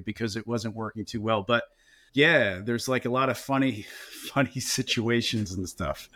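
A man with a New Jersey accent, an injury lawyer co-hosting a podcast, telling courtroom stories in casual chat with lively mimicry. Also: medium pitch, moderate pace. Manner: storytelling, animated mimicry of opposing lawyers.

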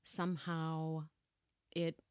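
A woman co-hosting a podcast, speaking candidly and laughing easily in casual reflective conversation, with slow, deliberate phrasing. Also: low-pitched, monotone, a little mellow, clean tone, dry recording, studio quality. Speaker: podcast co-host.

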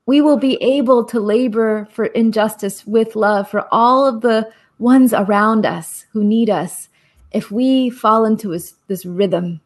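An unhurried woman with a slightly high voice, a guest speaker and activist in her forties, relates a personal story with passion and earnestness. She uses a rhythmic cadence of repeated phrases and laughs softly.

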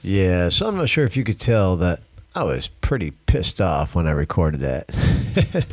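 A man's voice: deep voice, big pitch swings, measured pace, darkish tone, no echo. A man hosting a podcast, reading news headlines aloud and arguing against them in a casual, opinionated way. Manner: opinionated, reads headlines aloud then argues. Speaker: podcast host.

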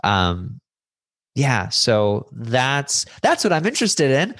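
A middle-aged man talking as a podcast guest, telling personal stories in an animated way, jumping up in pitch when excited and acting out other people's lines. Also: takes it slowly, no echo, clean studio sound. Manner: acts out other voices in his stories. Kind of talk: reflective storytelling conversation.

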